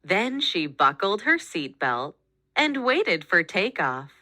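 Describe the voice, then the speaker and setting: A woman reading a children's picture book aloud, with expressive, animated storytelling. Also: lowish voice, takes it slowly, dry recording, studio quality. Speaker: storybook reader.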